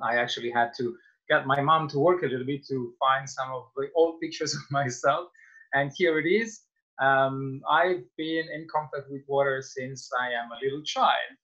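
A man's voice: medium pitch, normal speed, a bit bright. A young man with an Italian accent, a native Italian speaker, giving a webinar talk as guest speaker in a friendly, hesitant way with frequent fillers. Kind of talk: webinar presentation. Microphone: video call. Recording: dull lo-fi video call audio.

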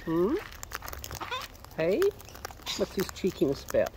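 A man's voice: sits high, big pitch swings, takes it slowly. A man feeding wild birds outdoors, chatting to them in a playful, coaxing sing-song way. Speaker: bird-feeding vlogger. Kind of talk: casual talk to birds while filming. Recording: loud background noise outdoors.

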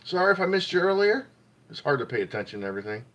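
A man's voice: high-pitched, big pitch swings, very fast, a bit bright. A man hosting a casual livestream, reading out finds from a magazine and greeting viewers, with an enthusiastic manner. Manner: enthusiastic, repeats praise, greets chat viewers. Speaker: livestream host.

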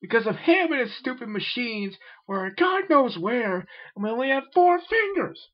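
A man voicing an angry male pro wrestler, yelling in a muffled lo-fi recording. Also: mid-range voice, sing-song, moderate pace, husky, voice pushed up. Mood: furious. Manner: yelling, furious.

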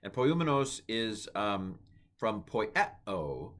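A man giving a casual Bible Greek lesson, thinking aloud with many fillers and slowly repeating words to try out their pronunciation. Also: lowish voice. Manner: relaxed, thinking aloud with many ums and uhs. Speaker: Greek teacher. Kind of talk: informal Bible language lesson.

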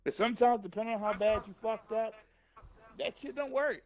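A man hosting a gaming channel, telling a childhood story to friends in a casual, profane, animated way and laughing along. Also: high-pitched, brisk.

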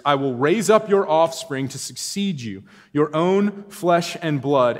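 A man's voice: a little high, lively intonation, a little slow, hardly any pauses. A man preaching a sermon, telling a story and building to emphatic points. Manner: storytelling, rising to emphatic exclamations. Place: church sanctuary. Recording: long reverb of a church hall.

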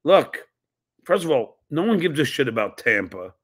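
Speaking at normal speed, this man has a mid-range, slightly rough voice with big swings in pitch. He hosts a podcast in casual live-stream fashion, reading viewer donations aloud and answering with blunt, profane comebacks.

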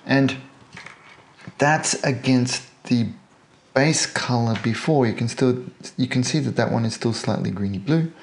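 An Australian man with a gravelly, rough-edged voice narrates a hands-on model painting tutorial. He talks casually as he works and drops in jokey, self-deprecating asides. His pitch sits in an ordinary middle range. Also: unhurried, a little hiss or hum.

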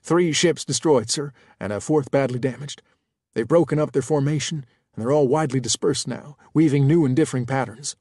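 A man's voice: medium pitch, a little fast, a little mellow, husky, no echo, clean studio sound, natural voice. A man voicing an anxious, apologetic male first officer in an audiobook. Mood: reporting. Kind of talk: audiobook character voice.

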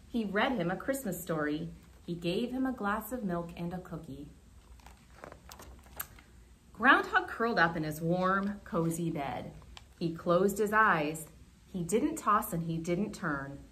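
A young woman, a children's librarian, reading a picture book aloud in an animated, expressive way during a remote storytime. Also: mid-range voice, slight background noise.

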